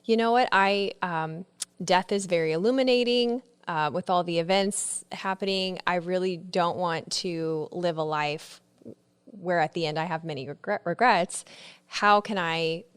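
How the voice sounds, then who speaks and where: A woman's voice: fairly low pitch, unhurried, clear, resonant tone. A woman hosting a podcast interview, encouraging and conversational. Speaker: podcast host. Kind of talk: casual interview talk.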